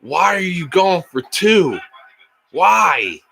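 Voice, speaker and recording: A man streams his live reaction to a football game, alternating play-by-play with frustrated, profane rants about the play calling. His high-pitched voice swings widely in pitch, moves very slowly, and sounds pushed and bright with vocal fry, over slight background noise.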